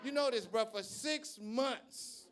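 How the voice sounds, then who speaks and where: A male stand-up comedian performing live on a club stage, brash and profane, shouting his punchlines. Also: extremely high pitch, slow, some chatter behind.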